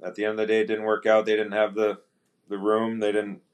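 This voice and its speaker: Speaking a little fast in a lowish voice, a middle-aged former hockey player tells relaxed stories as a podcast guest. He acts out quoted dialogue throughout the casual storytelling interview.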